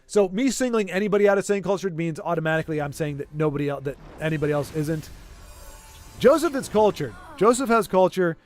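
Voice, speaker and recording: A man chatting casually with his livestream audience, rambling and playfully arguing, with many restarts. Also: high-pitched. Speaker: streamer.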